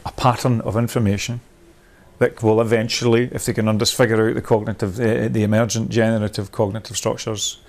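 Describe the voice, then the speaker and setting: A man's voice: on the low side, little pitch movement, a little fast, a little mellow. Rambling man leading a workshop. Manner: rambling, thinks aloud with many restarts. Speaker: workshop leader. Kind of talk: discursive workshop talk.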